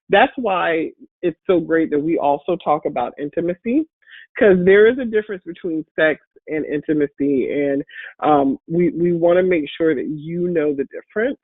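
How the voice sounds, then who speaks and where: A woman with a deep voice, congested and a bit hoarse from a cold, giving an upbeat, encouraging webinar talk as a guest speaker. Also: normal speed, no echo. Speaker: guest speaker and patient advocate. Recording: phone-like online call audio.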